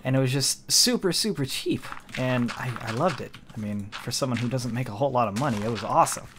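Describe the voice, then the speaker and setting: A man's voice: mid-range voice, lively intonation, quick pace, background noise. A man talking casually while playing a game, rambling and correcting himself as he goes. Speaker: let's play host. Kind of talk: casual gameplay commentary.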